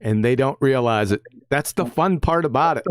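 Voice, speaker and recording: A man hosting a casual online voice-call show, lively and quick to laugh, plugging clips between banter. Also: mid-range voice, clear, resonant tone, no room sound, clean studio sound. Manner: lively, laughing, promo plugs. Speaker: show host.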